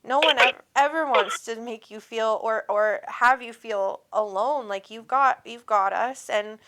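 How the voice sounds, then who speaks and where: Woman, live-stream host, bubbly, affectionate, a bit high-pitched. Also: measured pace, sharp tone. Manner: bubbly and affectionate, laughs often. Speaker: psychic medium show host. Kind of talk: casual live-stream chat.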